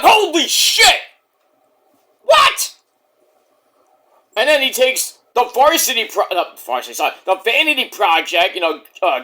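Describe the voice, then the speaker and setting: A man recapping a wrestling show in a casual vlog, excitable, rambling and profane. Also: sits high.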